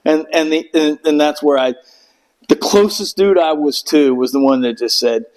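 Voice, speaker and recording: This veteran's voice is a little high and darkish, at normal speed, with poor audio. The middle-aged man rambles through a long war story in casual podcast chat, cursing freely and putting on the voices of the people he describes.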